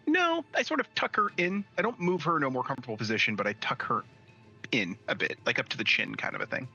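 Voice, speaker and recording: A man playing a tabletop game as a player, calm, gentle and deliberate. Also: medium pitch, vocal fry, slightly rough, lo-fi sound, soft background music.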